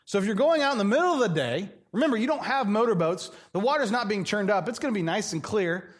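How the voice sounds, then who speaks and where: A middle-aged man preaching a sermon as pastor, animated and acting out the voices he quotes. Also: high voice, fast.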